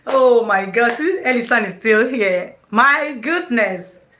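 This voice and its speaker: Nigerian woman, excitable live-stream host, bright and unhurried, roomy echo. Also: fairly high pitch, slight background noise. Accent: Nigerian English. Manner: excitable, effusive, laughs often. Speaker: YouTuber hosting a live stream. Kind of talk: casual live-stream chat.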